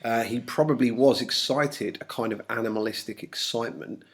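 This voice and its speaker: A man's voice: medium pitch, normal speed. A man teaching an English lesson, explaining a novel with frequent ums and uhs.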